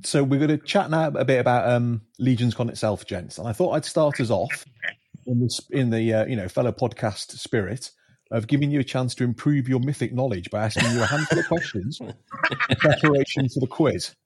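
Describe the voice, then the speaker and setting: A man's voice: medium pitch, a little fast, breathy edge. A man hosting a podcast, running a quiz for his guests with teasing, joking banter. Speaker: podcast host.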